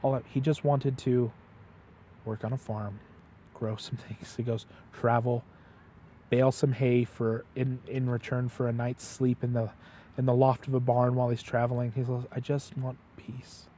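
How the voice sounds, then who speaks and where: A man's voice: mid-range voice, moderate pace, a little hiss or hum. A man in casual conversation, a father telling stories animatedly and acting out the quotes. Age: adult father. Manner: animated storyteller, acts out quotes. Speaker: podcast guest. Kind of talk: casual chat.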